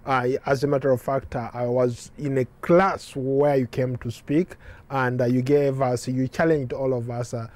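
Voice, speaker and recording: A man interviewing a guest, asking questions hesitantly with many filler pauses. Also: medium pitch, level tone, a little mellow.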